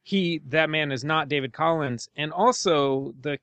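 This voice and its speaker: Casual podcast co-host: a man with a slightly high voice, rambling, dry close mic. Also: unhurried, a bit bright, no echo, lo-fi sound. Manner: rambling, laughs often. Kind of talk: casual movie discussion.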